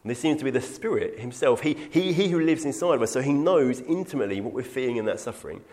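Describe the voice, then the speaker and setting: A man's voice: medium pitch, lively intonation, fast, a little mellow. A man teaching through a Bible passage in an earnest, emphatic way, quoting scripture and taking questions. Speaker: preacher.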